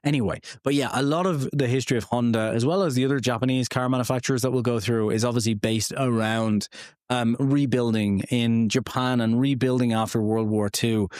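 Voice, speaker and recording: A man's voice: medium pitch, darkish tone, dry recording. A man hosting a solo car history podcast in a small home studio, rambling and poking fun at himself, with lots of fillers. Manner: rambling and self-deprecating, many fillers. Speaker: podcast host.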